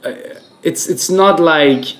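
A man co-hosting a casual podcast, earnestly explaining his view with halting restarts. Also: on the high side, a bit bright. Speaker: podcast co-host. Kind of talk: casual chat.

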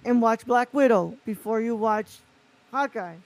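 A man's voice: extremely high pitch, measured pace, a little mellow, low-quality recording. A man hosting a casual podcast, chatty and loose, with lots of fillers. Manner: loose, swearing, filler-heavy. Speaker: podcast host. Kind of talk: casual chat.

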